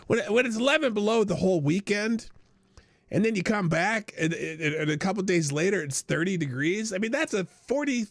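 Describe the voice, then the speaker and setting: A man's voice: high-pitched, creaky, a bit bright, dry recording, studio quality. A man hosting a casual livestream, rambling and joking with many restarts, with a slight lingering cough. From United States. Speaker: host.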